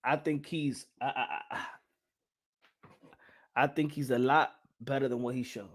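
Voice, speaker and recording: A man hosting a casual boxing live stream, talking animatedly, repeating himself and shouting out chat viewers. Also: medium pitch, fairly even intonation, a little slow, pauses often. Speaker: boxing channel host.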